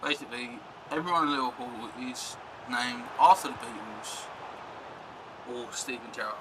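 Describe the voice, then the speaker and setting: A man's voice: mid-range voice, normal speed, noisy background. A young man chatting casually on a live stream, rambling and reacting to chat and gameplay.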